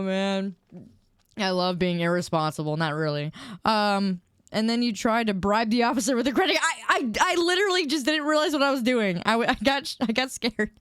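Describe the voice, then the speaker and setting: A woman's voice: medium pitch, clear, resonant tone, dry recording, clean studio sound. A young woman streamer chatting casually with her viewers, telling a story in a giggly, self-deprecating way.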